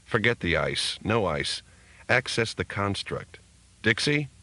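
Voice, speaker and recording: A man voicing a tense hacker who speaks in terse, urgent bursts. His voice stays very low and deep, in an audiobook reading. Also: very animated, takes it slowly, bright, forceful tone, no echo, heavily acted, low-quality recording. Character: tense male hacker on a phone.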